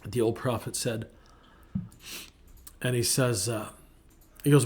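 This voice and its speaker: A middle-aged man talks casually through a devotional message in a mid-range voice. He is chatty and animated, and he acts out the people he quotes with lively shifts in his voice. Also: medium pitch, fairly quick, long pauses, husky. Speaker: ministry podcast host.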